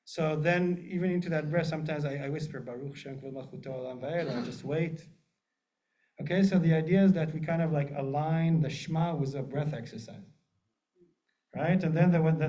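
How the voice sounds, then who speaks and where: A man teaching a small group in a casual, joking way, often turning questions back to the room. His voice sits a little high. The recording is muffled and lo-fi. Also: darkish tone. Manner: chatty, jokey, asks the group often. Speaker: rabbi leading a class. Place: synagogue classroom with a group.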